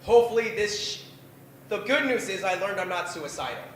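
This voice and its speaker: A man in his twenties spins a profane, self-deprecating story at a bar open mic night. His voice sits very high and sounds bright and forceful. The room is strongly echoey, with a faint hum of noise behind him. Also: lively intonation, brisk. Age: 20s. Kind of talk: stand-up storytelling.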